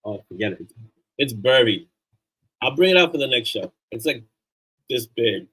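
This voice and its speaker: A man's voice: mid-range voice, lively intonation, moderate pace, a bit bright, breathy edge, low-quality recording. A man hosting a casual live stream, chatty and upbeat as he plugs links and thanks his supporters. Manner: loose and off-the-cuff, with fillers and restarts. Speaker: livestream host.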